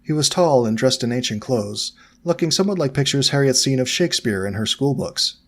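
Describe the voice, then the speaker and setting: A man narrating a fan fiction audiobook in a steady, even storytelling manner. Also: mid-range voice, a little fast.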